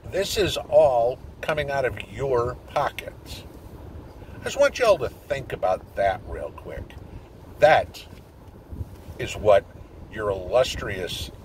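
A middle-aged man rants in a blunt, profane and sarcastic way, his pitch swinging widely as he mocks and scolds. He talks from inside a parked car. A faint hum of traffic sits behind him. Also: low-quality recording. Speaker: prepping vlogger. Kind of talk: angry opinion rant.

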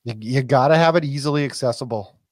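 A man's voice: medium pitch, fast talker, dry recording. A man co-hosting a hockey podcast, ranting emphatically and repeating his points. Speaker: podcast co-host. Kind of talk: casual sports chat.

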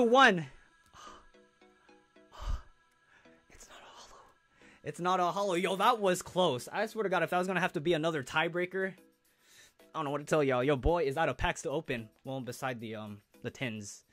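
Opening trading cards on a live stream, a young man with a mid-range voice chats excitedly and casually with viewers, using plenty of slang.

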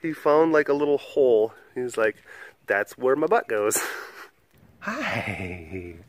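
A man's voice: medium pitch, sing-song, takes it slowly, slight background noise. A man keeping big cats at an animal facility, chatting casually and cooing at them in gushing baby talk. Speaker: big cat keeper and video host. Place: outdoors at a wild animal facility.

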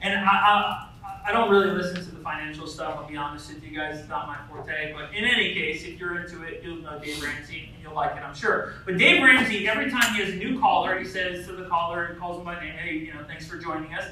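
A man's voice: on the high side, quick pace, pushed and bright. A man preaching a sermon as pastor, talking conversationally with frequent "right?" asides and stories about his family. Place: church sanctuary. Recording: echoey hall, voice from a distance, faint noise.

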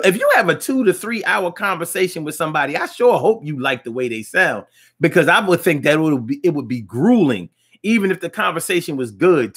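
Slangy husky-voiced man hosting a call-in show. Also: fairly high pitch. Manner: loose, slangy, animated reactions with repeats. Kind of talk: casual live show chat reading comments.

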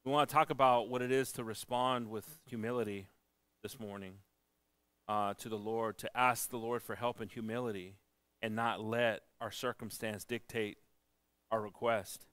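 A man preaching a church sermon in an earnest, halting way, often restarting his words. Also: on the low side, fairly even intonation, a bit bright, clean tone, no echo. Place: church service.

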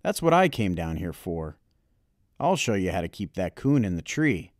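A man voicing a kindly, proud old grandfather in an audiobook reading, talking in a booming, hearty, encouraging way. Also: big pitch swings, moderate pace, no echo, studio quality.

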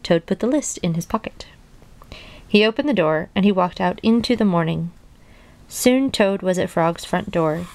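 Young woman reading a kids book out loud, gravelly voice, chatty little comments. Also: fairly low pitch, expressive, moderate pace. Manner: casual, chatty asides between passages. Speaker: reader of children's books. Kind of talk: reading a storybook aloud with asides. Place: her mother's house.

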